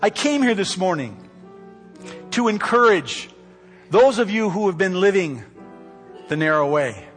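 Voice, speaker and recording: A man preaching a sermon from a church pulpit, earnest and pleading, slowing down to stress key words. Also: high voice, big pitch swings, a bit bright, in a large hall, soft background music. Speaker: pastor. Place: church sanctuary. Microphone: microphone.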